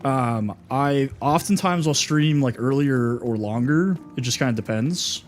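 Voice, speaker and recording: A man's voice: mid-range voice, measured pace, soft background music. A young man from Texas streaming a game, chatting casually and answering his chat, calling people dude and brother. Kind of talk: casual livestream chat while gaming.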